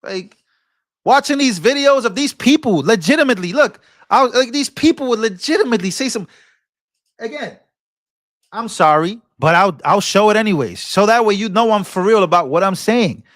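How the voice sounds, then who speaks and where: A man with a notably high speaking voice hosts his own political commentary vlog. He talks in a heated, off-the-cuff way, tripping over and repeating words, and breaks into preacher-like rebukes. The sound is close and dry with no room echo. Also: lively intonation, moderate pace, a bit bright. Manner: repeats and restarts words, sermon-like "I rebuke" outbursts. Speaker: political commentator and channel host. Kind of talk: impassioned casual political commentary.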